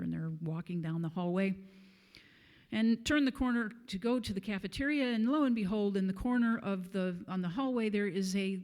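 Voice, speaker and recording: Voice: mid-range voice, a little mellow. Guest speaker, church sermon, conversational, chuckling, filler words. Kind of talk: sermon with storytelling. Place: church service.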